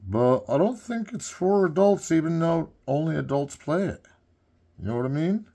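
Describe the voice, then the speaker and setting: Rambling stoner cartoon critic, man doing the voice, lively pitch, improvised comedy gameplay commentary. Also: normal speed, gravelly.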